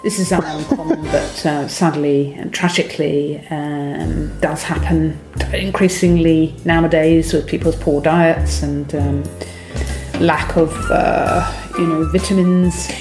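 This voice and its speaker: A smug agony aunt. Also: female voice, sits low, slow pace. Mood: deadpan. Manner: deadpan, falsely authoritative. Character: smug woman radio agony aunt, middle-aged. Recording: echoey clip with music behind.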